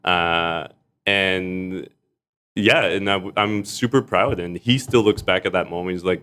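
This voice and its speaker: Low-voiced man telling lively stories. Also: unhurried, clean tone. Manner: animated, laughs often while telling stories. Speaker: arts executive director and stage actor, podcast guest. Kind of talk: casual storytelling in a podcast chat.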